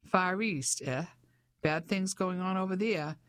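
A woman's voice: fairly low pitch, measured pace, a bit bright, pitched above the performer's own voice. A woman doing a blustery old English colonel. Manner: blustery, clipped.

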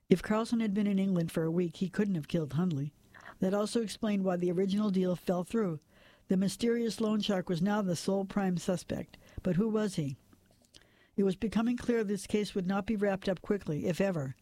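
Guy reading a novel out loud, mellow tone, dry close mic, steady with the odd slip. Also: high voice, dry recording. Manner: steady, plain reading with occasional slips and restarts. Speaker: narrator. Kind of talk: audiobook narration.

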